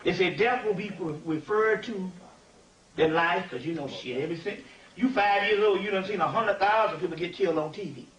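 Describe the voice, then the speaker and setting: A man giving an informal spiritual lecture, animated and digressive, often checking that listeners follow. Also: high voice, a little fast. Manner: animated, digressive, keeps asking "you see what I'm saying". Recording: echoey room, distant mic, faint ambient noise.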